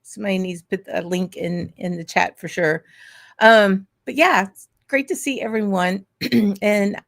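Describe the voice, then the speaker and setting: A woman's voice: medium pitch, measured pace, gravelly. A woman hosting a whisky livestream, chatty and bubbly, greeting viewers by name with lots of "y'all". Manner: chatty and bubbly, frequent "um" and "y'all", bursts of laughter. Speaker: host of a whisky livestream show. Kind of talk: casual livestream welcome and chat shout-outs.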